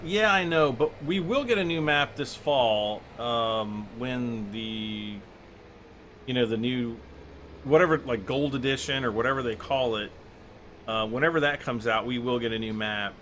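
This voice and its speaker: A man's voice: mid-range voice, normal speed, a bit bright, slight background noise. A man hosting a game livestream, chatting casually and rambling as he answers viewers' chat questions between moves.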